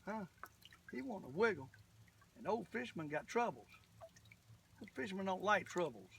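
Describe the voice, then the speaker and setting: A man's voice: sits high, a bit bright. Folksy older man rambling outdoors. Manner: folksy, rambling, talks of himself as "the old fisherman". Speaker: fishing vlogger. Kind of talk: casual chat while fishing. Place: on a boat outdoors. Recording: distant camera mic, faint background noise.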